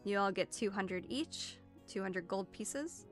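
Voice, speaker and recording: A woman narrating as dungeon master of a tabletop game in a casual, lively way with many fillers. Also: mid-range voice, takes it slowly, faint music behind.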